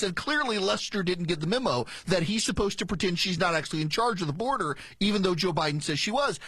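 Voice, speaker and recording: A podcast host rants about news clips with open sarcasm and bursts of laughter. His voice is bright and swings widely in pitch, recorded close and dry. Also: no echo. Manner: sarcastic, mocking, does exaggerated impressions; animated, quick to laugh. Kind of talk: political commentary over news clips.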